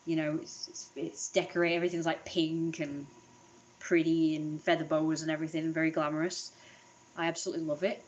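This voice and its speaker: A woman's voice: low voice, flat delivery, a little fast, lo-fi sound, slight background noise. Chatty woman vlogger, swearing. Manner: rambling, swears freely, laughs often. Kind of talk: casual chat to camera. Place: at home.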